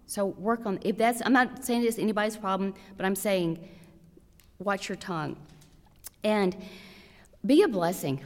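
A woman giving practical marriage advice to a church audience, earnest and direct, full of rhetorical questions. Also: mid-range voice. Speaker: church women's speaker. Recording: long hall reverb.

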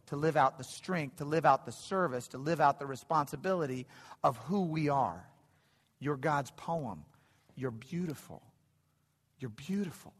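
A middle-aged man delivers a sermon in an animated way, repeating phrases as he builds toward excited high points. His voice sits a little high for a man. It rings out with long reverb through a church sanctuary. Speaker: preacher.

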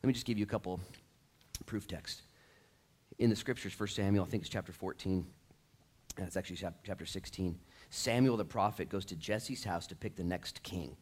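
A man preaching to his church, casual and lively, acting out quotes and dropping slang. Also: deep voice, brisk, long pauses, husky. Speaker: pastor. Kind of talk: sermon.

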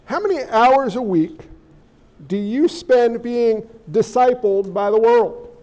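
Very high-voiced male pastor preaching. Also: takes it slowly, dull audio. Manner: animated preaching, rhetorical questions to the congregation; joking asides. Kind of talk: sermon.

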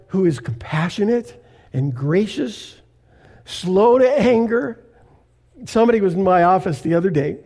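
A man preaching a sermon from the pulpit, his voice sitting high for a man. He takes his time and leans hard on each scripture phrase. He keeps turning to the congregation with direct questions. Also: dark tone. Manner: earnest preaching, slows to stress scripture, asks the congregation questions. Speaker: pastor.

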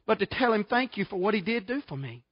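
A middle-aged man preaches a sermon, folksy and emphatic, firing off rhetorical questions. His voice sits a bit high for a man. The sound is dull and muffled, with a dry, close feel. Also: big pitch swings, fast talker, dry recording. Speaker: pastor.

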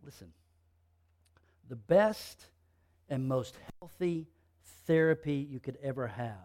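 A man with a high voice delivers a sermon. He hammers home each point through repetition, rising to forceful emphasis and then dropping to near-whispers. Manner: emphatic, repetitive preaching with swings from loud to hushed. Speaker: pastor.

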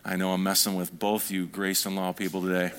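Man preaching a lively sermon. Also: deep voice, fairly quick. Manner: animated preaching, swinging between soft and fired-up. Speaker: pastor.

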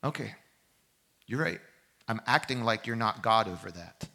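Bright-voiced preaching pastor, man. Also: lowish voice, animated, moderate pace. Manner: impassioned preaching that swings from loud exhortation to quiet reflection. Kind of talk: sermon. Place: church service.

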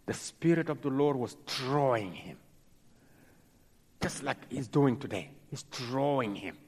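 A male preacher of medium pitch, husky yet lively, shares stories in a sermon, dramatizing the people in them. His delivery is halting with repeated words, heard through a long hall reverb.

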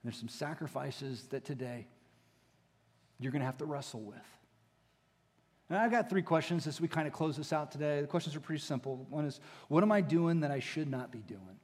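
A man preaching a sermon as pastor, moving between hushed, intimate passages and rising, emphatic exhortation. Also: fairly high pitch, a little fast. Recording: long hall reverb.

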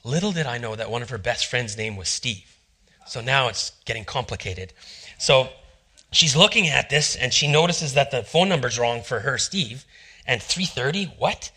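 A middle-aged male pastor preaching a sermon, telling a personal story and acting out the quotes in hushed voices. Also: mid-range voice, lively intonation, normal speed, breathy edge.

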